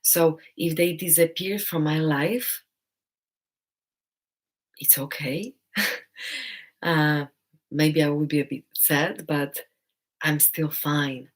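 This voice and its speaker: A woman giving a live online talk as a personal development coach, gentle and encouraging, pausing often and laughing now and then. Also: low-pitched, steady tone, low-quality recording. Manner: speaks with many pauses and fillers.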